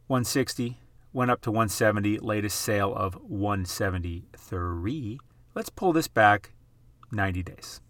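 A man hosting his own channel, chatting casually over price charts in an excitable, emphatic way, repeating phrases for effect. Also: fairly low pitch, dry recording. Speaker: YouTube host.

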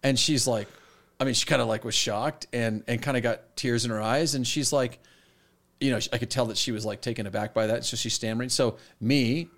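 A man who is a pastor, telling a story in a casual podcast chat and acting out quoted lines with lively energy. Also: mid-range voice, fairly quick.

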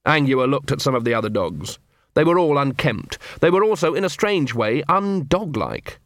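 A man narrating an audiobook, telling a comic story in an even, dry manner on a close studio mic. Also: medium pitch, moderate pace, no echo. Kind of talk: scripted narration.

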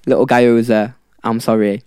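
A man's voice: medium pitch, flat delivery, moderate pace, darkish tone, smooth, no echo, studio quality. A young man from South Africa, a podcast guest telling a rambling story in casual chat. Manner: rambling, with fillers and laughs.

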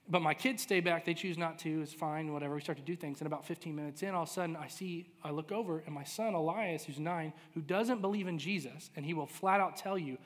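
A man in his thirties, a pastor telling a personal story in a sermon, animated and self-deprecating. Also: on the high side, a little fast, hardly any pauses. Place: large church hall. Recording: reverberant hall.

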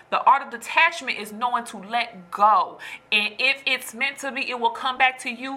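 Woman, casual vent to camera, breathy and bright, emphatic delivery. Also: fairly high pitch, normal speed. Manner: animated, emphatic, preachy. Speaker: storyteller venting to viewers. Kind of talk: casual chat.

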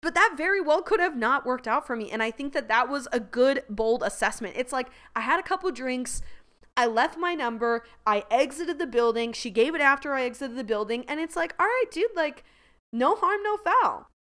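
A woman hosting a podcast, telling a story in a casual monologue, animated and laughing often, with lots of "like" fillers. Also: a little high, normal speed. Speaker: podcast host.

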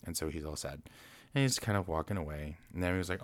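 A man's voice: very deep voice, fast talker, dry recording. A man casually recapping a cartoon film, rambling along with many fillers and restarts. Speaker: film reviewer.

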